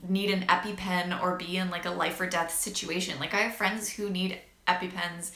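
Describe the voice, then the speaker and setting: With a lowish, flat, pushed and bright voice at normal speed, a twenty-something vlogger describes her health in casual talk to camera. The echoey room carries her candid chatter, lots of "like," some tears and laughs.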